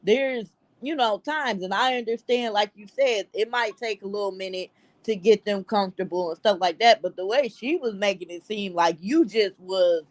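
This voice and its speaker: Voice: medium pitch, moderate pace. Blunt, slangy casual chat voice.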